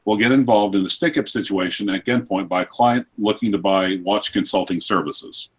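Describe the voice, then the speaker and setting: A man from Oklahoma, co-hosting a livestream and reading out viewer donations and time checks in a relaxed way. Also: lowish voice, normal speed, husky. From Oklahoma, United States. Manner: relaxed, reads out donations and timekeeping. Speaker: co-host reading viewer messages. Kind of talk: casual livestream chat.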